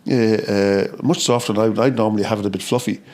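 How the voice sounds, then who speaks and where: A middle-aged Irish man chatting as a podcast guest, starting and restarting phrases, and lively when he acts out what others said. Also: lowish voice. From Ireland. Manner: halting, repeats words, animated when quoting others. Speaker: podcast guest, chip shop co-founder. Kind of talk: casual interview storytelling.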